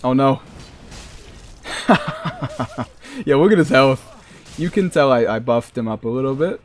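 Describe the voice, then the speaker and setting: A man's voice: medium pitch, animated, slow pace, slight background noise. A man streaming a modded game, chatting with his viewers and joking as he plays. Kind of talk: casual gameplay commentary.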